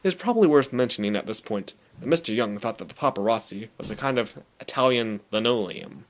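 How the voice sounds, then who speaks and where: A young man reading a comic novel aloud as an amateur audiobook. His mid-range voice rises and falls a great deal, giving the narration an animated, expressive feel. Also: medium pitch, brisk, hardly any pauses. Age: young adult. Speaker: audiobook reader.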